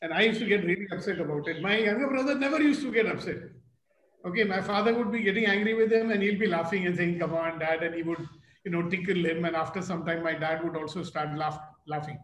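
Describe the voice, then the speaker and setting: Older Indian-accented man, playful motivational speaker, high pitch, echoey room. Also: fast talker, fairly bright tone. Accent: Indian English. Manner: playful, storytelling, asks the audience questions. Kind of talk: live motivational talk to a group. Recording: echoey room with faint noise.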